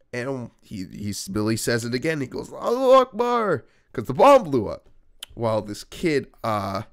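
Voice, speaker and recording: A young man tells a personal story in a casual vlog. His delivery is animated and peppered with profanity, and his pitch swings widely as the story builds. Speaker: YouTuber telling a personal story.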